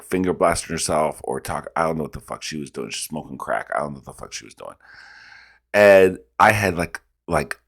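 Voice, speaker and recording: A man with a very low voice hosts a reaction video. He tells stories in casual, animated commentary full of swearing. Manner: profane, animated storytelling.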